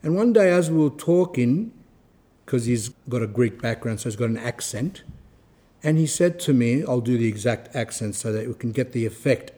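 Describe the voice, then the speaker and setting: Male speaker for an informal religious talk; warm, mellow, mid-pitched storyteller who acts out the dialogue. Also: lively intonation, moderate pace. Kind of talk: informal lecture with anecdotes.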